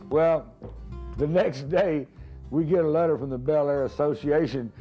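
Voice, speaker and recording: A man casually telling a story in an interview, halting and restarting as he goes. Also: a little high, warm tone, dull audio, soft background music. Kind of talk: anecdotal storytelling.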